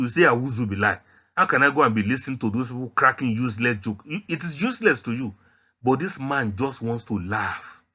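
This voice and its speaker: A Nigerian-accented man delivers an Islamic lecture in a bright, forceful voice. His pitch sits in a middle range. He teases his listeners and speaks to them directly. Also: husky. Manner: emphatic, teasing, addresses listeners directly.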